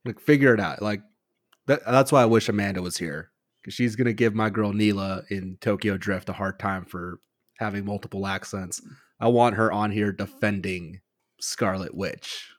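A man's voice: on the low side, moderate pace. A man co-hosting a casual podcast, laid-back and wry in his remarks. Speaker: podcast co-host.

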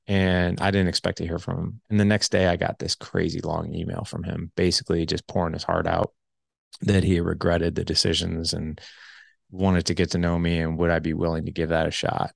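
Low gravelly man telling his story. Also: level tone, a little fast, dry recording, studio quality. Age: 40s. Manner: candid, heavy use of filler "like". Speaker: podcast guest telling his life story. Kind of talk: casual conversational storytelling.

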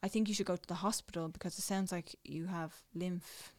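A young woman with an Irish accent, casually telling a personal story, dropping to a hush and then getting excited. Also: fairly low pitch, brisk. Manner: animated, swings between hushed and excited. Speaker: new mother telling her story.

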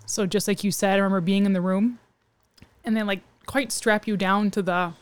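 A woman's voice: medium pitch, normal speed, smooth, no room sound. Woman telling a story on a podcast. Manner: relaxed, chimes in with short reactions. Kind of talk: casual chat.

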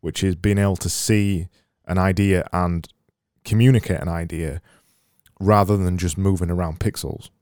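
Host, male, very low and mellow voice, dry close-mic sound, casual and enthusiastic with frequent restarts. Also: fairly even intonation, normal speed, no room sound. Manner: enthusiastic, restarts phrases while thinking. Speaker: podcast host and designer. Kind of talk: casual conversational interview.

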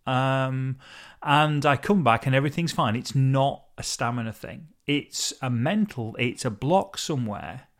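A man's voice: medium pitch, expressive, unhurried. A man hosting a casual solo podcast, talking in a rambling, chatty way and often correcting himself mid-sentence. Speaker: podcast host.

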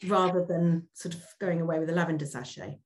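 A woman's voice: fairly low pitch, fairly even intonation, brisk, darkish tone. A middle-aged woman speaking as an interview guest. She talks candidly and reflectively, often repeating words as she starts a thought.

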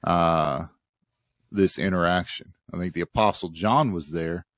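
A man hosting a Bible study podcast, talking thoughtfully with frequent pauses and fillers. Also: deep voice, fairly bright tone, dry recording, clean studio sound. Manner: thoughtful, hesitant, many fillers. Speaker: podcast host.

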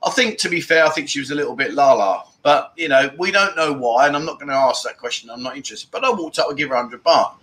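A man's voice: medium pitch, quick pace, few pauses, sharp tone. A middle-aged man hosting a casual livestream, rambling and chatty, reading out viewer comments and swearing now and then. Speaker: livestream host.

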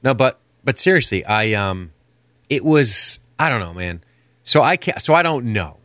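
A podcast co-host chats casually in a mid-range, expressive voice at a moderate pace. He is opinionated, rambles, and swears freely. The studio-quality audio has a fairly bright tone and no echo.

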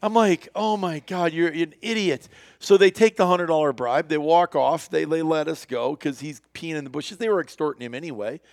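A man hosting a podcast, a laughing and animated storyteller who acts out every quote with a fairly high voice. He sounds close to the mic in a dry studio. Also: a little fast, gravelly, hardly any pauses, no room sound. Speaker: podcast host. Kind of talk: casual storytelling chat.

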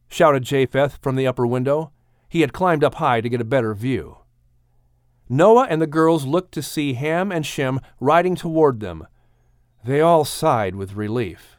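A man narrating an audiobook in a steady storytelling manner. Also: medium pitch, a little slow, smooth, no echo, studio quality. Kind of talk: scripted narration.

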